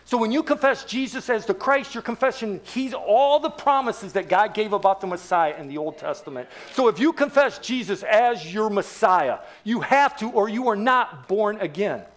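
A man's voice: high voice, expressive, normal speed, hardly any pauses. A man in his sixties preaching an evangelistic sermon to a church congregation, joking and quizzing the crowd with rhetorical questions. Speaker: guest preacher.

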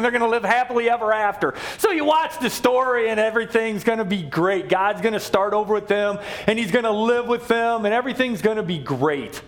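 A middle-aged man preaching from the pulpit with a high, lively voice that swings widely up and down. He tells the story playfully, with humorous asides and quick jokes. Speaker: pastor. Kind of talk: sermon.

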